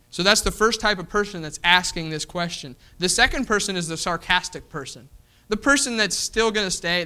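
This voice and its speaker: A man's voice: a little high, sharp tone, clean tone, rough recording. A man preaching a sermon to his church, emphatic and repetitive, often asking the congregation "you know what?". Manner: emphatic, repeating "you know what?" as a hook and acting out quoted voices.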